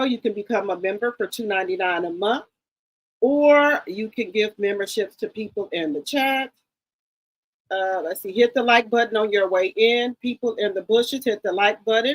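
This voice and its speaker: A woman hosting a casual live stream who greets viewers by name with repeated hellos and chats in a gossipy, excitable way. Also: mid-range voice, poor audio. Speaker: live-stream commentary host.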